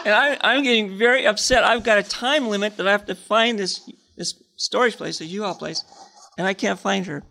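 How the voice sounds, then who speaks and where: Man preacher, high gravelly voice, bright tone, animated self-mocking storyteller. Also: a little fast, slight background noise. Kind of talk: sermon storytelling.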